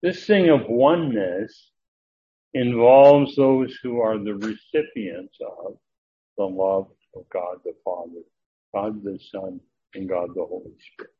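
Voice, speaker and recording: A male preacher works through a scripture passage verse by verse, pressing hard on key words and often circling back with restarts and filler sounds. His voice is husky and slightly rough. The sound is thin and narrow, as if coming through a phone line. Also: on the low side, slow pace. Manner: earnest, emphatic, with frequent restarts and filler sounds. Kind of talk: verse-by-verse sermon.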